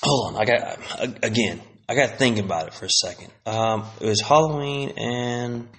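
A man's voice: mid-range voice, normal speed, a bit bright. Rambling, profane man podcasting solo. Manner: profane, rambling, slangy, many fillers and tangents. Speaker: podcast host.

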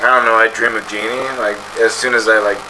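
Joking man over clear background noise. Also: fairly low pitch, little pitch movement, fast. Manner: joking, swearing, drowsy storytelling. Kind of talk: casual chat.

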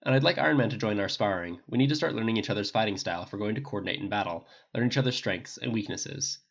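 A reader voicing an earnest male team captain who gives polite, brisk commands in a dull lo-fi recording. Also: mid-range voice, creaky.

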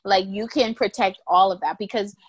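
A woman lawyer as a podcast guest, telling stories in a lively, casual way and acting out quoted voices. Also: medium pitch, moderate pace, dry recording. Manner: animated storyteller, acts out quoted voices with laughter. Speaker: guest, intellectual property lawyer.

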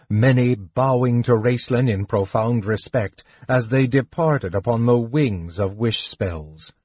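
A man reading a fantasy audiobook in a measured, dramatic narration. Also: medium pitch, a little mellow, slightly rough, no echo, dull audio.

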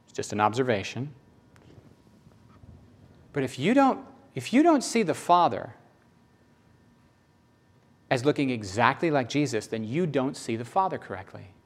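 A man's voice: medium pitch, sing-song, a little slow, pauses often. Male preacher for a sermon read: emphatic, repeats lines, mid-range voice. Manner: emphatic, repeats phrases, swings between loud and hushed.

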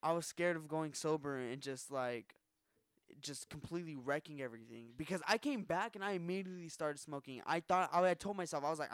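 A man's voice: fairly high pitch, normal speed, smooth, no room sound, clean studio sound. A young man hosting a podcast, telling a candid personal story in a rambling casual way, full of fillers and restarts. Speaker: podcast host.

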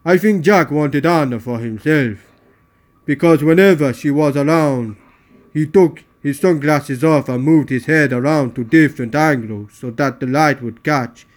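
A man hosting a podcast, reading a first-person audiobook aloud in a steady storytelling delivery. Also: a little high, a little slow.

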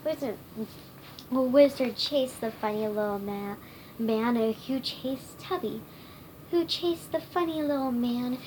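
High-pitched woman reading a kids' book aloud, stumbles and restarts a lot, faint noise behind. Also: a little mellow, rough recording. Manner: halting, stumbling reading with many restarts and self-corrections. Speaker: reader. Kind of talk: reading a children's storybook aloud.

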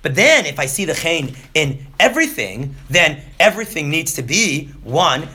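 A man's voice: a little high, slight background noise. A man in his thirties teaching a class on Jewish texts, who keeps checking in with "right?" and acts out short voices. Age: 30s. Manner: animated, often asks "right?", acts out quick voices. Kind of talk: lively lecture to a class.

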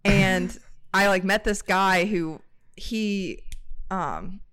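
A woman's voice: mid-range voice, very slow, fairly bright tone, smooth, no echo. A woman with a West Virginian accent, co-hosting a podcast and telling rambling stories with laughs and swearing. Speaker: podcast co-host. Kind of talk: casual chat.

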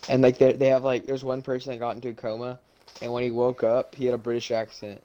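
A man's voice: mid-range voice, completely flat delivery, quick pace, mellow, dull audio. A young man in a casual podcast chat, rambling and hesitant, filling his talk with likes and restarts. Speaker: podcast co-host.

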